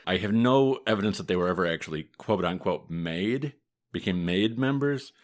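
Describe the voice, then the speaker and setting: A podcast host and mafia historian with a Midwestern American accent and a very deep voice talks casually at normal speed. He relates history steadily and matter-of-factly, adding a touch of dry humor.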